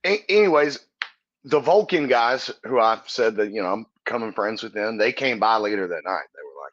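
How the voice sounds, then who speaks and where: A man's voice: on the low side, expressive, moderate pace, a bit bright, dull audio. A comedian guest on a podcast, a man telling stories in a casual, earnest and profane way, often laughing as he talks. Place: Texas.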